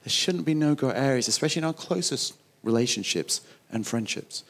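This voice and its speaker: A man's voice: mid-range voice, lively intonation, a little fast. A man preaching a sermon, emphatic and conversational, acting out little quoted dialogues. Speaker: pastor.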